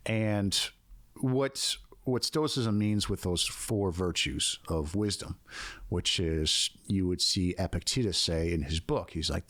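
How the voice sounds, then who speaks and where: A man's voice: low-pitched, fairly even intonation, slow pace, a bit bright, dry recording. A man who is a guest on a podcast, explaining ideas in a casual, earnest and reflective way. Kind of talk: casual conversation.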